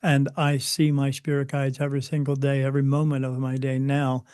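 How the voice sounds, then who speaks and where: A man recounting personal experiences as an interview guest, earnest and halting, often repeating words as he goes. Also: mid-range voice, completely flat delivery, darkish tone, clear, resonant tone, no echo, studio quality. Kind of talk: personal storytelling.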